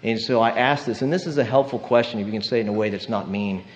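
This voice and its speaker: A man's voice: on the low side, fast talker. A man preaching a sermon in a conversational, storytelling way, often asking his listeners "right?". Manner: conversational, storytelling with tag questions. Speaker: pastor. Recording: muffled lo-fi sermon recording.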